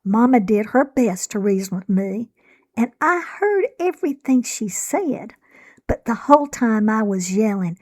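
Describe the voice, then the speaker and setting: A woman reading her own memoir aloud in a measured, reflective storytelling manner. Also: on the high side, sing-song, a little mellow. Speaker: author and narrator. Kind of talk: scripted memoir narration.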